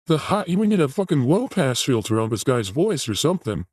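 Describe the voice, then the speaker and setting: A man hosting a comedy show, reacting to news and clips with deadpan, profane sarcasm. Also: medium pitch, brisk, hardly any pauses, no room sound, low-quality recording. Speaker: show host.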